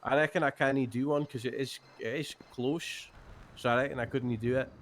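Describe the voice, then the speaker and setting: A man's voice: medium pitch, fairly even intonation, moderate pace, slight background noise. A man chatting casually in character during a game roleplay, easygoing and rambling, often repeating himself. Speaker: roleplay player.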